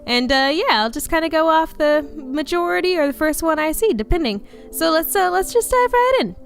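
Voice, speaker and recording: Brief: woman host, fairly high voice, casual and giggly, reads a story game aloud at home, faint music under it. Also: lively intonation, brisk. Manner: chatty, giggly, easily sidetracked. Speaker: let's play host reading a story game. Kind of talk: casual narration and chat. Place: home room.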